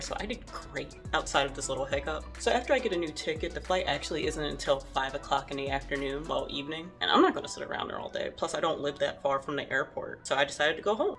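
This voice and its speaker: A woman's voice: low-pitched, a bit bright. A young woman telling a storytime vlog in a sassy, dramatic, mocking way. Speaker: vlogger.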